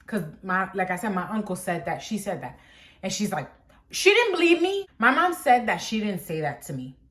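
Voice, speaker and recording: A young woman spinning a dramatic storytime for her channel, animated and packed with "like". Her voice sits at an ordinary middle pitch. It carries a roomy echo from the room around her. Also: brisk. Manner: animated, dramatic, heavy use of "like". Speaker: storytime vlogger. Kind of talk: casual storytime.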